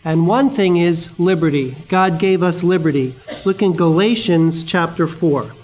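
Male preacher, high-pitched, casual storytelling delivery in a sermon. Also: a little slow, darkish tone, rough recording. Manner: conversational, storytelling with asides.

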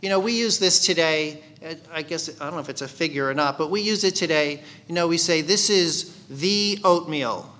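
A man's voice: fairly high pitch, quick pace, hardly any pauses, pushed and bright. A man teaching a Bible study sermon in a conversational way, asking his listeners questions. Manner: conversational, asks the congregation questions.

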